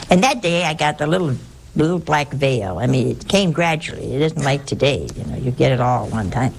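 Older nun with a low gravelly voice. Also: female voice, animated, brisk, slight background noise. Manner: rambling, warm anecdotal telling with frequent restarts. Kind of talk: personal storytelling.

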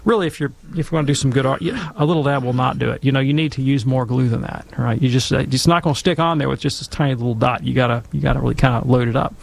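A man's voice: medium pitch, racing, creaky, few pauses. A man doing a confident big brother. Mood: coaxing. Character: older brother, confident young artist.

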